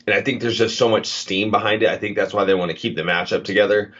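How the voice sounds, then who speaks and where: Deep-voiced man on a dull video call. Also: fairly even intonation, quick pace, a bit bright. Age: 30s. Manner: earnest, rambling with many fillers. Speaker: guest fighter. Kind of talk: casual interview chat.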